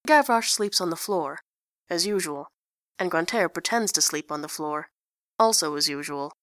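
A woman reading fiction aloud in an even, plain storytelling manner. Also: low-pitched, moderate pace, dry recording, studio quality. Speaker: narrator.

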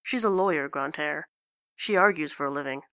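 A woman's voice: low-pitched, brisk, pushed and bright, no echo, clean studio sound. A woman voicing an earnest young man who speaks with strained patience.

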